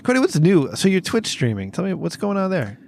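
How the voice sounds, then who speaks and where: A man's voice: high-pitched, wildly swooping pitch, brisk, vocal fry, a little mellow, slight background noise. A man co-hosting a podcast, chatting casually with joking, playful interjections. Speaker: podcast co-host. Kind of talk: casual chat.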